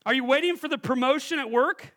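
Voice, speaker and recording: A man preaching a sermon as pastor, animated and calling out questions to the congregation, acting out the voices he quotes. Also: very high voice, fast talker.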